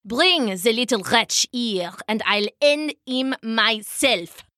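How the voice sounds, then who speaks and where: A woman's voice: fairly high pitch, animated, slow pace, bright, forceful tone, no echo, studio quality, exaggerated voice. A woman voicing a greedy, tyrannical king who shrieks and rants in a storybook tale. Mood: angry ranting. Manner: shrieking, ranting.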